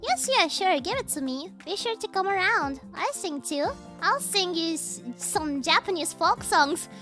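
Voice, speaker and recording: A woman's voice: very high voice, expressive, measured pace, pushed and bright, faint music behind, full character voice. A woman voicing a chatty, cheerful teenage girl in a visual novel, with a robotic, singsong Vocaloid-style delivery. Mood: chirpy. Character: chatty cheerful teen girl, fast-talking.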